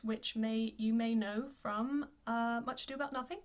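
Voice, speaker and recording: A fairly high-pitched woman teaching pronunciation as a voice coach. She sounds out each word with care, slowing down and saying it again so the listener can copy it. The tone is plain and instructive. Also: fairly even intonation, bright, forceful tone. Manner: models each word slowly and repeats it. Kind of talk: pronunciation lesson.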